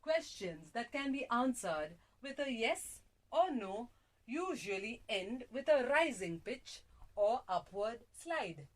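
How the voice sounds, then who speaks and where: A woman reading a language lesson aloud in a deliberate, sing-song way, recorded in a small radio prerecording room. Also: a little high, sing-song. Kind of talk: slow, carefully read-aloud lesson on punctuation and intonation. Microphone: phone test broadcast.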